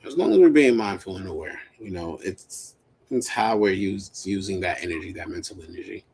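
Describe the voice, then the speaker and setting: A man's voice: low voice, animated, a little fast, creaky, darkish tone, a little hiss or hum. A man hosting a live stream, chatting casually, laughing often and talking in a reassuring way.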